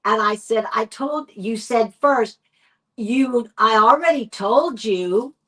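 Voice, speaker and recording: Slow-talking Texan woman telling a ghost story. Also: a little high, rough recording. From United States. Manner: animated retelling, acting out quoted dialogue. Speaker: guest paranormal investigator. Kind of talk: storytelling in a podcast interview.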